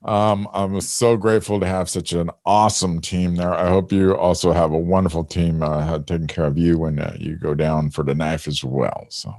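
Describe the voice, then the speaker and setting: Hoarse deep-voiced man, dry sound. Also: flat delivery, normal speed, hardly any pauses, a little mellow, no echo. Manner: rambling storyteller with many fillers. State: hoarse after throat surgery. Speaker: podcast host. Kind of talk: casual chat.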